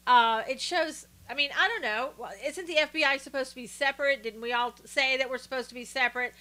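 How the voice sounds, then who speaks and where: A woman with a fairly high, bright, forward voice hosts a live stream in a loose, conversational way. She talks through political opinions with plenty of "uh"s and greets her viewers by name as she goes. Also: brisk. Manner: chatty, opinionated, with frequent fillers and greetings to viewers. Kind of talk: casual political commentary, reading viewer chat.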